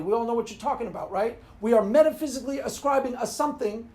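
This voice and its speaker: A man's voice: very high voice, fast talker, a little mellow. A man hosting his own video, ranting casually and rambling, often laughing at his own jokes. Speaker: video host.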